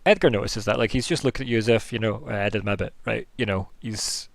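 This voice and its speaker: Male game master, loose rambling narration, mid pitch, dry close sound. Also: fast, creaky, dry recording. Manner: loose, rambling scene description full of hedging fillers.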